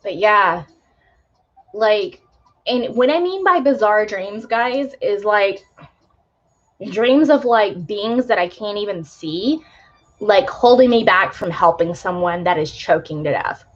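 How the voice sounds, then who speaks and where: A woman's voice: mid-range voice, lively intonation, slow, dull audio, faint music behind. A young woman giving live tarot readings, talking casually with many fillers about spiritual topics. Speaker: tarot reader.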